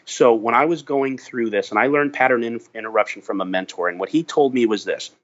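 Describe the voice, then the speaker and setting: A man's voice: mid-range voice, brisk, fairly bright tone. A middle-aged man telling a motivational story as a podcast guest, earnest and emphatic, often restarting his words. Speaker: podcast guest, business founder. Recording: dull lo-fi podcast audio.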